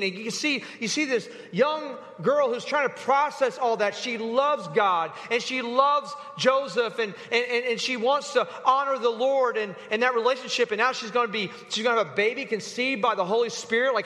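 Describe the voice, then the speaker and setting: A man preaching a sermon in a church, telling the story with animated acting and quick asides to the congregation. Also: high-pitched. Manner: animated storytelling, acts out voices of people in the story. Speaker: pastor. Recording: long hall reverb.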